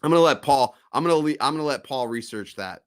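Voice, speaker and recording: Profane, animated male stream host. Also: mid-range voice, fast talker, no room sound, studio quality. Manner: loose, profane, animated storytelling. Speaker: podcast host. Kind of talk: casual live-stream chat.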